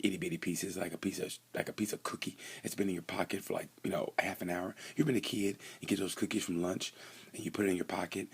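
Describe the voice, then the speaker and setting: Young guy w a deep gravelly husky voice, rambly jokey race talk. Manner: rambling, joking, stumbling restarts. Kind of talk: casual race review vlog.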